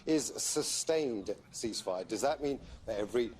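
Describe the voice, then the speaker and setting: Measured male TV news correspondent. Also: medium pitch, lively intonation, darkish tone. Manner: measured, explanatory. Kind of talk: live TV news report.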